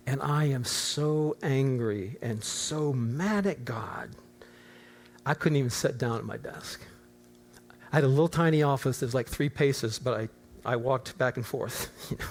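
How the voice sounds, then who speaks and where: A man, an older pastor, preaching a storytelling sermon in a church, animated and swinging from quiet asides to near-shouts. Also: medium pitch. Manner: animated, rising to near-shouts in acted prayers. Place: church auditorium.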